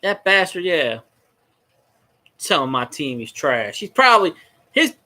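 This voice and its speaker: Man, fan vlogger, rambling livestream chat, profane, fairly high voice, tense bright tone. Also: sing-song, measured pace, long pauses.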